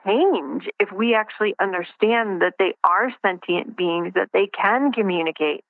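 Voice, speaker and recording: A woman's voice: mid-range voice, normal speed, few pauses, no echo. A woman guest talking reflectively in an interview, searching for words and restarting her sentences. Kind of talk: casual interview over the phone. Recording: tinny dry phone line.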